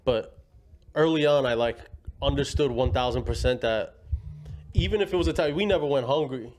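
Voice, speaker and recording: A man's voice: medium pitch, normal speed, darkish tone, soft background music. A young man telling family stories in a rambling, slangy way, laughing as he goes. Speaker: guest. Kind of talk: casual storytelling.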